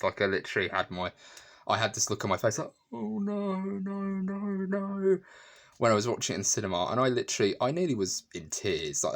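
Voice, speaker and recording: A man's voice: low-pitched, a bit bright. A man giving a casual, emotional movie review, full of fillers and restarts and frequent laughter. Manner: laughs often while talking. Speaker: film reviewer.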